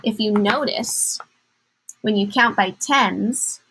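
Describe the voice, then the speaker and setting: A woman's voice: mid-range voice, takes it slowly, background noise. A woman teacher giving a patient math lesson to young children, counting aloud in a sing-song way.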